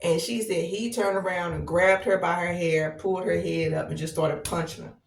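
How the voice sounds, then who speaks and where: A woman in her thirties, a podcast host telling a long personal story in a casual, animated way, repeating herself as she goes. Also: lowish voice, gravelly, slight background noise. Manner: animated, conversational, drawn-out repetitions. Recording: roomy echo, distant from mic.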